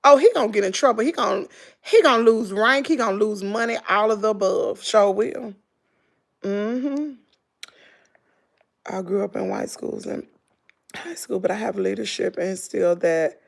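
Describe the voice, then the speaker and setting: A woman's voice: medium pitch, moderate pace, vocal fry, pauses often. A middle-aged woman with a Southern American accent, chatting casually on a livestream, telling stories animatedly and mimicking her daughter. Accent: Southern American English. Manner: animated storytelling, mimics her daughter, talks to viewers as "girl" and "y'all". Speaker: vlogger.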